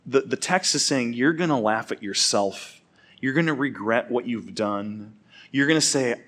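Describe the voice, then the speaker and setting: A man's voice: medium pitch, a little slow, a bit bright. A man giving a sermon, telling a funny personal story in a casual, chatty way. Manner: casual, chatty, laughs through his story. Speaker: preacher.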